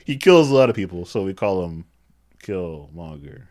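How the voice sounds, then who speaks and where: Low-voiced joking male co-host. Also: big pitch swings, normal speed, a little mellow. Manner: joking, riffs with mock character lines. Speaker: podcast co-host. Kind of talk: casual movie review chat.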